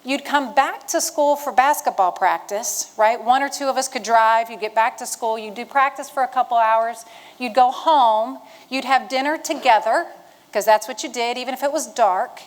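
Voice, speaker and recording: A folksy, funny storyteller, middle-aged and from western Virginia's Shenandoah Valley, addresses an audience from the stage in a somewhat high voice at normal speed. She draws people in like a retired Marine before a roomful of veterans. The recording is rough.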